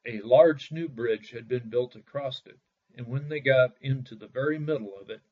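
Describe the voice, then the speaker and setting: A man narrating a bedtime fairy tale in a lively reading, putting on voices for the characters, on a dull lo-fi recording. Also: mid-range voice, normal speed, breathy edge. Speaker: storyteller.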